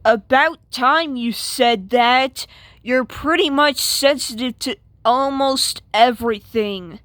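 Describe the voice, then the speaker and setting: A woman's voice: sits high, takes it slowly, a bit bright, no echo. A woman voicing an exasperated young female washing machine girlfriend in a comic strip, sassy and fed up.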